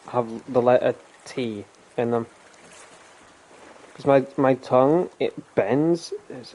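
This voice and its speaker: A man's voice: mid-range voice, mellow. A young man streaming a game, rambling casually with self-deprecating laughs. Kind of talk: casual live gameplay chat.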